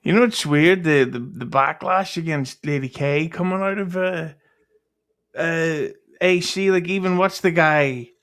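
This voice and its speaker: A man from Ireland chatting casually on a live stream, crude and quick-witted. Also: fairly high pitch, fairly bright tone, clear, resonant tone. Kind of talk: casual chat.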